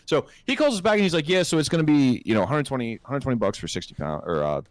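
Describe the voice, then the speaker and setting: A man co-hosting a podcast, telling a profane, animated anecdote in a casual chat. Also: mid-range voice, quick pace, dry recording. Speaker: podcast co-host.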